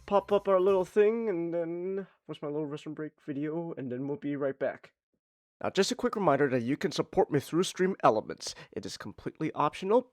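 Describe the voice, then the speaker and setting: A man hosting a live stream in casual chat, joking and swearing freely, often bursting into loud outbursts. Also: a little high, no echo. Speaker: streamer host.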